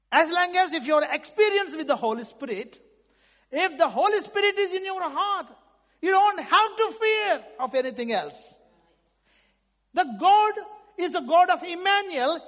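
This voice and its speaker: A man preaching a sermon in English that is not his first language, fervent, swinging between loud outbursts and hushed lines. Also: very high voice. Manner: non-native English phrasing. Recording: long reverb of a large hall.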